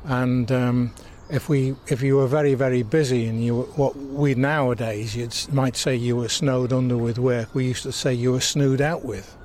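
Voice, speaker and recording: Older man, southwest Lancashire accent, reminiscing interviewee with halting restarts, faint outdoor hiss. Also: mid-range voice, flat delivery, a little mellow. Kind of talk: reminiscing conversation.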